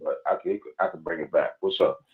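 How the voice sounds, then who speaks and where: Low-voiced man on a tinny phone line. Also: fairly even intonation, fairly quick. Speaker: caller. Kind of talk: phone-in call.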